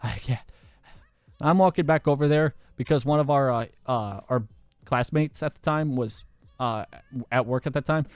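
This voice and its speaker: Young male podcast host, animated, profane storyteller, dry sound. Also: medium pitch, moderate pace, clean tone, dry recording. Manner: animated, swears a lot, laughs through his story. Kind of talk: casual storytelling.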